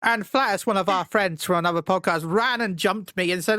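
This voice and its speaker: A speaker with a British accent on a casual podcast chat, telling an animated story and acting out the lines of each person in it. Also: medium pitch, brisk, dry recording, studio quality. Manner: animated storyteller, acts out quotes.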